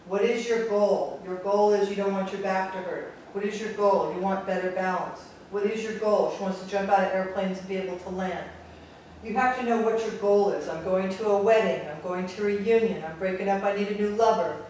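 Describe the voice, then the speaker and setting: Bronx-accented woman Pilates teacher, sarcastic and no-nonsense, heard from a way off in a booming, echoey studio. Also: a little mellow, slight background noise. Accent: New York (Bronx). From the Bronx, New York. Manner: blunt, sarcastic. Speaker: Pilates instructor. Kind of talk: teaching talk to instructors. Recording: very echoey room, distant mic.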